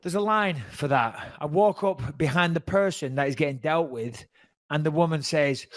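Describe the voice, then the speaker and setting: A man's voice: fairly high pitch, normal speed, no room sound. A man, telling a story casually on a podcast and acting out the people he quotes. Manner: animated, acts out quoted dialogue.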